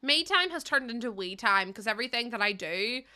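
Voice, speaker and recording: A woman's voice: on the high side, lively intonation, a little fast, pushed and bright. A young woman with a Northern Irish accent, chatting casually and telling funny stories while streaming a building game, swearing and laughing often. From Northern Ireland.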